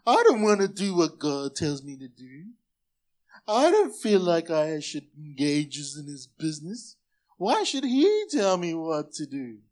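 A man's voice: fairly high pitch, sing-song, a little slow. A man voicing a defiant male citizen who refuses his ruler, in a put-on comic accent.

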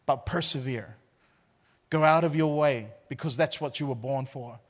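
A man's voice: on the high side, lively intonation, moderate pace. A man preaching a sermon. He tells stories with a lot of energy, laughs often and repeats words as he goes. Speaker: pastor. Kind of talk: sermon with personal storytelling.

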